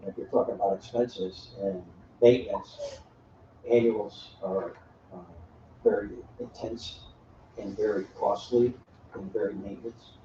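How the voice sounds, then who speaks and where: A man's voice: lowish voice, warm tone, slight background noise. A man speaking as a resident at a town hearing, plain and hesitant, with many fillers. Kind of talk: public comment. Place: town hall meeting room. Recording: distant, roomy, dull meeting-room audio.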